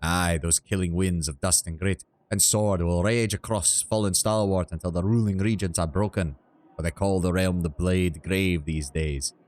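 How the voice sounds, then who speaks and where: A man's voice: low voice, steady tone, normal speed, darkish tone, close to an everyday voice. A man voicing a hearty, boastful male war herald who speaks in an old-fashioned, declamatory way.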